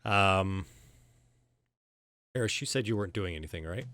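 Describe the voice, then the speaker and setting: A man with a fairly low, bright and forceful voice narrates a tabletop game as game master. He talks casually and haltingly, full of fillers, and the sound is close and dry. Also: lively intonation, dry recording.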